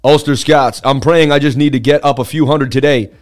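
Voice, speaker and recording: A man's voice: medium pitch, fairly quick, soft background music. Chatty man hosting a livestream. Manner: chatty, excitable, with asides to viewers. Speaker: livestream host. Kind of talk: live market analysis, reading chat.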